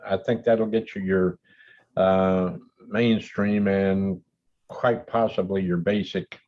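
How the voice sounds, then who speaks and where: Slow, low-voiced man, muffled audio. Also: fairly even intonation, darkish tone. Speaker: caller in the audience. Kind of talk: offering a suggestion in a workshop. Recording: dull lo-fi audio.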